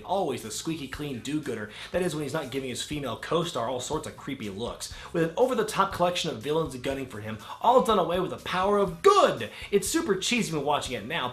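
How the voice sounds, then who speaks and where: A man giving a sarcastic, comedic movie review with sudden shouted outbursts. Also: on the high side, roomy sound. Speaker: wrestling film reviewer.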